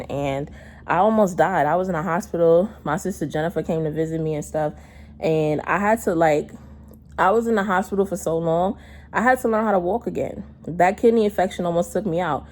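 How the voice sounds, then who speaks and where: A woman's voice: fairly low pitch, a little hiss or hum. A young woman, telling her own story in a candid, heated way and cursing often. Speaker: vlogger. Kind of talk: casual storytelling.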